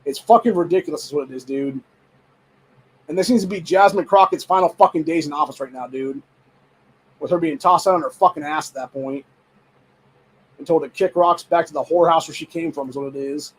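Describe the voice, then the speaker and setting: A man's voice: fairly high pitch, fairly quick, breathy edge, poor audio. A man hosting a show, ranting angrily in heated, profane, rambling commentary full of fillers. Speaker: show host. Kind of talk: angry political commentary rant.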